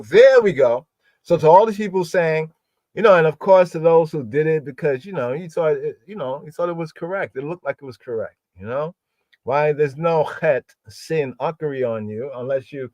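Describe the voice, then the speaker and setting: Man, bible study host, mid-pitched voice, dry close sound, drawn-out repeated words, frequent "right?". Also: a little mellow, no room sound. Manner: repeats key words slowly, keeps asking "right?". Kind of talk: livestreamed bible word study.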